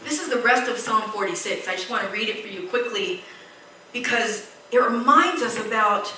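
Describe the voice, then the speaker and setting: Woman preacher, sermon, bright voice, distant mic in a reverberant church hall. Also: fairly high pitch, normal speed, a little hiss or hum. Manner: animated storytelling with quoted voices.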